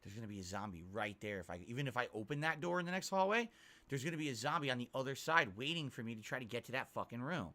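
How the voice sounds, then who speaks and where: A man playing a horror video game and commenting casually, swearing often and breaking into alarmed shouts. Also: mid-range voice, lively intonation, racing. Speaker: game streamer. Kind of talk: casual let's-play commentary.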